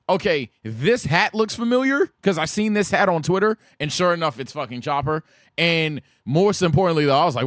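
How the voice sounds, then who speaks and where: A young man riffing on an anime in a loose, slangy way, often stumbling over repeated words when he gets worked up. His voice sits a little high. The sound is dry and close to the mic. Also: a bit bright, no echo. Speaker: anime reaction streamer. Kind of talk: casual commentary on an anime.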